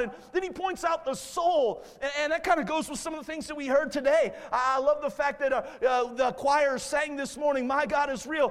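A man preaching a fervent revival sermon as a guest preacher in a church, swelling to shouts. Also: high voice. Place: church sanctuary. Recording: long church-hall reverb.

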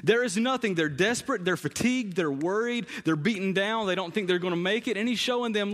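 This preacher's voice is high-pitched and a bit bright, moving a little fast with few pauses. He gives a conversational sermon in a church sanctuary, leaning on repeated phrases for emphasis, and the long reverb of the hall is audible throughout.

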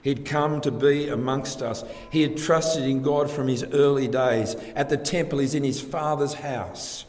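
Slow-paced preacher in an echoing hall. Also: male voice, mid-range voice, steady tone, darkish tone. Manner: slow, deliberate preaching with rhetorical questions. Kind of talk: sermon. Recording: echoey hall with long reverb.

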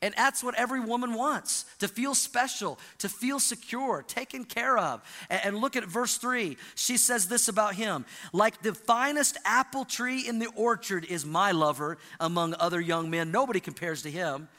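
A male pastor preaching a sermon in a church, animated, calling on the congregation to repeat lines after him. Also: sits high, normal speed, few pauses, in a large hall. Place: church sanctuary.

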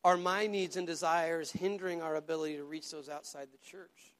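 A man's voice: a little high, steady tone, a little fast, a bit bright. A pastor preaching a sermon to his church in an earnest, conversational way, often repeating words as he goes.

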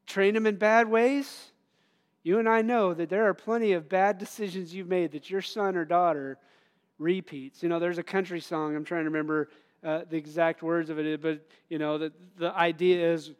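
A man's voice: sits high, fairly even intonation, moderate pace, smooth. A middle-aged man preaching a sermon in an earnest, conversational way, laughing at himself now and then.

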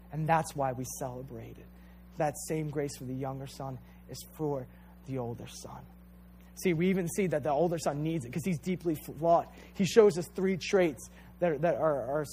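A man's voice: fairly high pitch, dark tone, slight background noise. Earnest, repetitive male preacher. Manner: addresses listeners directly as "you guys". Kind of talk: sermon.

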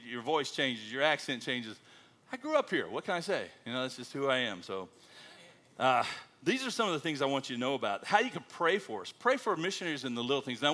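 A middle-aged American missionary speaks to a congregation. His pitch swings widely as he tells his stories. His tone is bright, and he plays the quoted lines for laughs. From United States. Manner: animated storyteller, acting out quotes with a jokey voice. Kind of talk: church talk to a congregation.

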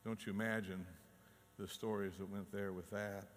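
A man's voice: on the low side, level tone, normal speed, big-room sound, slight background noise. A man, preaching a conversational sermon and acting out voices as he tells the story. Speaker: pastor.

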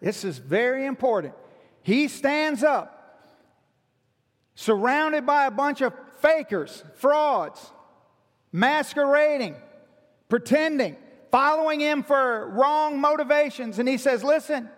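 High-voiced guy preaching, emphatic, piles up repeated lines, big echoey church hall. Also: expressive, takes it slowly, long pauses. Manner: emphatic, builds repeated lists. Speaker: pastor. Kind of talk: sermon. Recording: long reverb of a large hall.

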